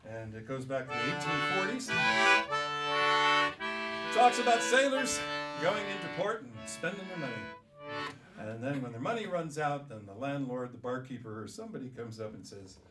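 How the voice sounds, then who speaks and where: An older man, a folk singer, chatting between songs at a live coffee house concert in a relaxed, storytelling way as he leads the crowd in singing. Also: medium pitch, moderate pace, far from the mic. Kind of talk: between-song stage patter at a live concert. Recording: echoey live room, heard from afar. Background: acoustic guitar.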